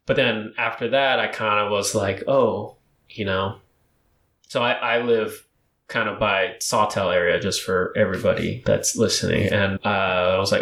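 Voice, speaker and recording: A young man with a somewhat low voice tells a rambling, lively story in casual chat. He leans on fillers and restarts. The room around him rings with a noticeable echo. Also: moderate pace, gravelly. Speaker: podcast guest. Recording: roomy echo.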